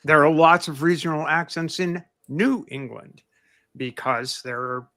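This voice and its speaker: An American man in casual podcast chat who explains things in a rambling, halting way. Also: fairly high pitch, pushed and bright, no room sound. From United States.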